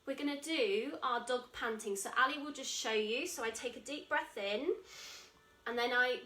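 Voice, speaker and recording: High, bright-voiced woman leading kids' yoga. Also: normal speed. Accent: English. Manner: encouraging, gentle, calls out moves while exercising. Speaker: kids yoga instructor. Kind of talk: guiding a children's yoga class. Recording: echoey room, voice from a distance, soft music.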